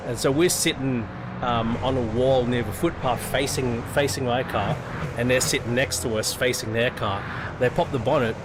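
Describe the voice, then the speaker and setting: A middle-aged man with an Australian accent chats casually, tripping over his words and swearing as he tells a story. His voice sits in an ordinary middle pitch. Steady background noise runs under the recording. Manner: profane, rambling, with frequent restarts. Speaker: sim racing streamer.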